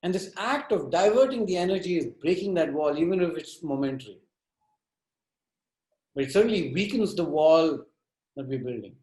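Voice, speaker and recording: A man leading an interactive workshop on conflict, talking in a direct, animated and teasing way. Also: on the high side, moderate pace, long pauses, reverberant, low-quality recording. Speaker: workshop trainer.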